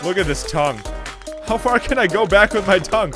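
A man doing comedic gameplay commentary as a gaming YouTuber, giggling and swinging from high shrieks to low mutters. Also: sing-song, normal speed, over music.

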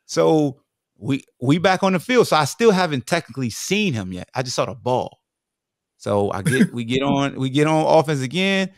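Ex football player from virginia, super animated, voice jumps all over, dry close sound. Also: male voice, medium pitch, normal speed, no room sound. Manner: lively, acts out voices in his anecdotes. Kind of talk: animated storytelling interview.

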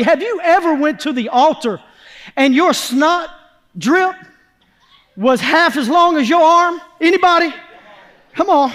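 High-voiced, fervent preacher. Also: male voice, lively intonation, measured pace, pauses often. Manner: fervent preaching, shouting at peaks then dropping low and quiet; folksy Southern phrasing. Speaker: pastor. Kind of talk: sermon. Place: church sanctuary.

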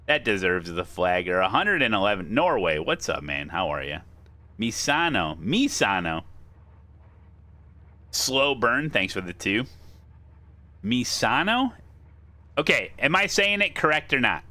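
American man, sim racing streamer, bright and animated, jokey live commentary. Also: lowish voice, unhurried, long pauses. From United States. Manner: joking, chatty, thanks viewers mid-race. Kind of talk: casual gameplay commentary.

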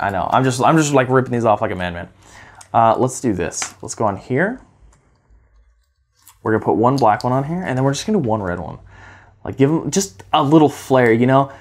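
A woman's voice: very deep voice, darkish tone, breathy edge. A woman casually demonstrating a toy robot at a table, chatting and gushing, cooing at it in baby talk, recorded on a handheld camera. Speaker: toy reviewer. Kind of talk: casual hands-on demo.

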